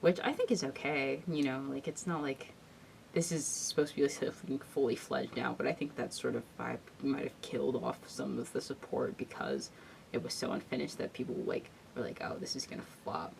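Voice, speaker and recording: A woman with a low voice chats loosely on a podcast, filling her sentences with "like" and breaking into giggles. She sits a little back from the microphone, so her voice sounds slightly distant, with a faint hiss behind it. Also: steady tone, brisk, vocal fry, darkish tone. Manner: rambling, heavy use of filler words, giggly. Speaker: podcast co-host. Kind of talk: casual chat.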